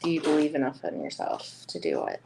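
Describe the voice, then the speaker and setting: A woman's voice: very deep voice, huge pitch swings, brisk, creaky, background noise. A woman with a Southern US accent giving a chatty live-streamed tarot reading, laughing often between cards. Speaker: tarot reader.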